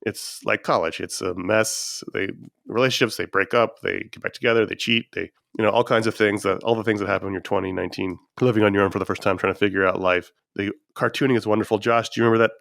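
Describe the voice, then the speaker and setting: A man's voice: on the low side, fairly even intonation, quick pace, vocal fry, fairly bright tone, no room sound, studio quality. A sick man hosting a podcast, talking in casual, enthusiastic and rambling chat. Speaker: podcast host.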